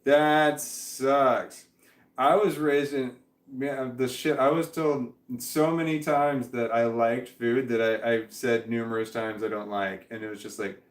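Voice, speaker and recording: A man casually reading viewer comments aloud on a stream at home, halting, repeating words and stumbling over names as he goes. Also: medium pitch, steady tone, reverberant. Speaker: vlogger reading chat comments. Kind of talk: casual livestream chat. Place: indoors at home with his dog. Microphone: webcam.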